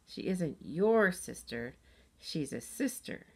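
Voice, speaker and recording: A reserved young girl from a children's storybook, polite but firm and coolly distant, as a woman reading aloud puts her on. Her voice is soft and on the low side. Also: very animated, a little slow, creaky, husky, heavily acted.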